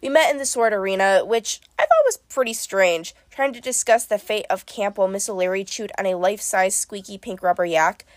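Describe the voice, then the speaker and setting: Female audiobook narrator, expressive storyteller, dry studio sound. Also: mid-range voice, brisk, few pauses, no room sound. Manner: expressive, lively first-person storytelling. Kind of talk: audiobook reading.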